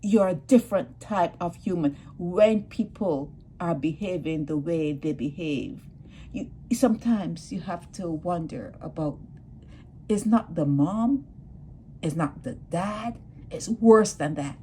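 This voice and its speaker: A woman vlogger giving animated, indignant commentary on a court case, talking straight to her viewers. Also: fairly low pitch, takes it slowly, a little hiss or hum. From Barbados. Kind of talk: opinionated news commentary.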